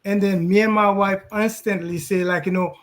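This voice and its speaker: Earnest high-voiced man. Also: fairly even intonation. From Haiti. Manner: hesitant, many pauses and fillers, earnest. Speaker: client and guest on a live call. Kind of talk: casual testimony on a video call. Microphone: video call.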